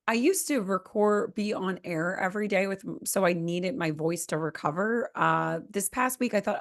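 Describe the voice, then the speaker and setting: A hoarse woman with a slightly raspy edge talks loosely as a podcast co-host, pitched a little low for a woman. She rambles, restarts and fills pauses as she chats. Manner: rambling, with many fillers and self-corrections. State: hoarse from a lost voice. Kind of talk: casual chat.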